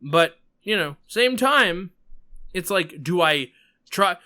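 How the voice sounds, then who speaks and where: A New York man hosting a podcast, his high, bright voice swinging up and down as he talks. He is emphatic and animated, and he throws in sarcastic asides in casual chat. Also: slow. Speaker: podcast host.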